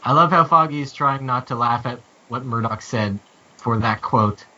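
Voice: mid-range voice, normal speed, bright, forceful tone, recorded from a distance. A podcast co-host reading out listener feedback playfully, giggling over the punctuation. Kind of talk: casual podcast chat. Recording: muffled lo-fi podcast audio.

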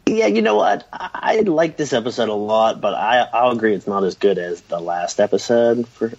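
A low-pitched man talking casually on a podcast, his voice a bit dull and lo-fi. He stumbles and restarts as he goes and chuckles at his own jokes. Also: animated, moderate pace, darkish tone, breathy edge. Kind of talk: casual chat.

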